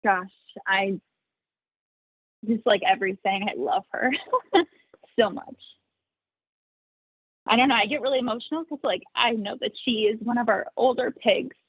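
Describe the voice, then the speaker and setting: A chatty young woman with a fairly high voice talks warmly and loosely, filling her answers with "like" and quick laughs. The sound is dry and narrow, as if over a phone line. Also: breathy edge, no room sound. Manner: chatty, many "like" fillers, laughs often. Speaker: sanctuary founder, interview guest. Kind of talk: casual interview answers.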